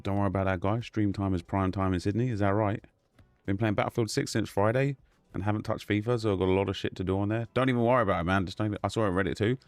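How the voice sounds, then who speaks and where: A man's voice: lowish voice, steady tone, racing, dry recording. A man hosting a gaming live stream, casually greeting viewers by name in a loose, chatty way.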